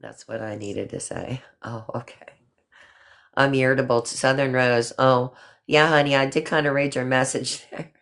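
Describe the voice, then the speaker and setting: A woman's voice: a bass voice, fairly even intonation, moderate pace, fairly bright tone. An older woman hosting a casual livestream chat, talking affectionately to viewers and a guest, with a habit of swearing lightly. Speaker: livestream host.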